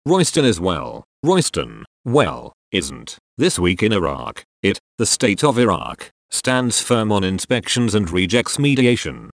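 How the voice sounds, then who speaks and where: A malfunctioning robot newsreader , spoken by a male text-to-speech voice, reads the news deadpan and trips over his own words. The synthetic voice sits low and swings widely in pitch, with a dry, close sound. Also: unhurried, few pauses, no room sound.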